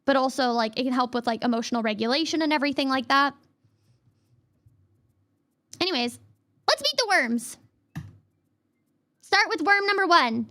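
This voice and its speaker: High-voiced young woman streamer, rambly. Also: fairly quick, pauses often, pushed and bright. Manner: rambling, filler-heavy, lots of "like" and restarts; reads chat and thanks viewers in a high squeal. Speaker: VTuber streamer. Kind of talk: casual livestream lesson on cognitive distortions.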